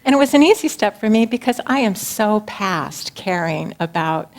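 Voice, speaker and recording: A woman shares a personal spiritual talk with her community in a gentle, earnest tone. Her voice sits at an ordinary middle pitch, and she speaks reflectively, at times softening to near a whisper. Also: expressive, moderate pace.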